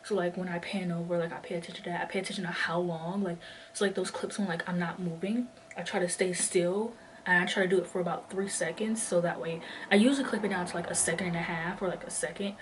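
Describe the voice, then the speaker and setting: Fast and steady in tone, a young woman in her twenties with a lowish voice rambles while vlogging on a walk. She's slightly out of breath and peppers her casual chat with fillers, "like" most of all. The audio has a distant mic, faint ambience, and a little hiss or hum.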